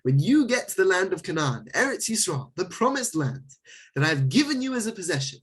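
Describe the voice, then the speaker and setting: Animated husky-voiced rabbi. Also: male voice, high-pitched, a little fast. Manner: animated, joking, exclamatory. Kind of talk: Torah class.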